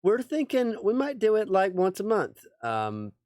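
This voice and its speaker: A man speaks slowly and casually as the co-host, hesitating with frequent fillers. His voice sounds dry and close, with no room around it. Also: high-pitched, huge pitch swings, a little mellow, no echo. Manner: hesitant, filler-heavy, unhurried. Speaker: co-host and show producer. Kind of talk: casual chat.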